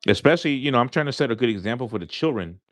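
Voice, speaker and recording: A man's voice: medium pitch, expressive, very fast, fairly bright tone, no room sound. A man from New York with a light New York accent, chatting casually with his live-stream audience, rambling and repeating himself with lots of fillers.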